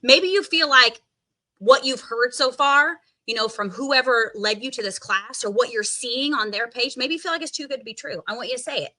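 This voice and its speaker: Bright-voiced woman leading a tapping session. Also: moderate pace. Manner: coaxing, directive, with sighing deep breaths. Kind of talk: guided tapping meditation.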